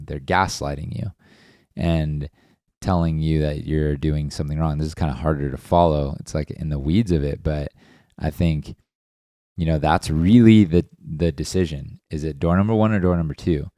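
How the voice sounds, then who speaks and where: A man's voice: a bass voice, warm tone, dry recording, clean studio sound. A man co-hosting a podcast, talking through relationship examples in a casual, reflective way and acting out little dialogues. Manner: reflective, talks through examples with acted-out quotes. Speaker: podcast co-host. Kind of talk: casual chat.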